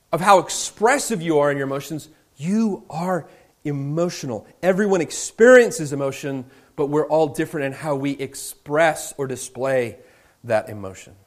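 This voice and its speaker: Man, pastor, sermon, slightly raised pitch, expressive pacing, hushed emphasis, casual asides. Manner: expressive preaching, slows for emphasis, drops to a hush on key words; conversational asides with restarts.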